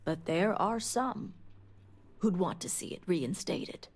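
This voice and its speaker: An actress playing a guarded female noble elder and spymaster in a video game, speaking in a measured, formal way with breathy edges. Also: lowish voice, animated, darkish tone, full character voice. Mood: stern. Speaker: game character.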